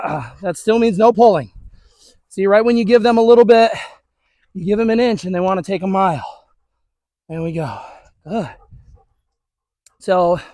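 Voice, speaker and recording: Man, dog trainer, high voice, upbeat and chatty, outdoor street demo, dry close sound. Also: darkish tone, dry recording. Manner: upbeat, chatty, talks to viewers while praising dogs. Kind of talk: hands-on training demonstration.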